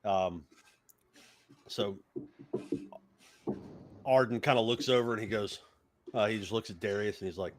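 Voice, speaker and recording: Easygoing male game master for a tabletop game, low voice, halting delivery. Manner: easygoing, halting, many fillers.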